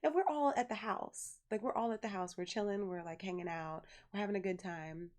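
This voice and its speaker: A woman's voice: medium pitch, fairly quick. Chatty young woman streamer. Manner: chatty, animated storyteller who reads viewer messages aloud. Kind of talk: casual live-stream chat.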